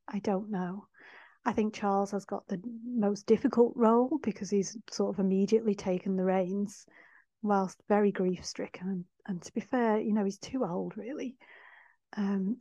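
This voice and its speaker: Woman doing a podcast, heartfelt, soft, laughs a lot, muffled no-mic sound. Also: mid-range voice, no room sound. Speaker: podcast host. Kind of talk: reflective spiritual monologue. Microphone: no microphone. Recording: dull dry sound, no microphone.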